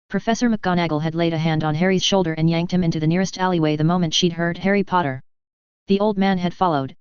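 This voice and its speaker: A steady audiobook narrator with a very clear voice and an even, measured delivery. The recording is dry and slightly dull. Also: mid-range voice, no echo. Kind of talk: audiobook narration of fan fiction.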